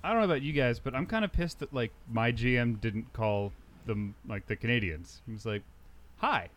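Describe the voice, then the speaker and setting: A man appearing as a guest on a casual podcast, his voice pitched in a mid range. He rambles in a wry way and keeps leaning on filler words. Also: a little fast, slight background noise. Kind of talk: casual chat.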